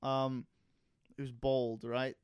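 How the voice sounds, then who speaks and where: Man, podcast co-host, loose rambling banter with swearing, smooth clear voice, dry close sound. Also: mid-range voice, flat delivery, drawn-out words, a little mellow, no room sound. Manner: rambling, swears casually, jokey. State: hot and sweaty. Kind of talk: casual chat.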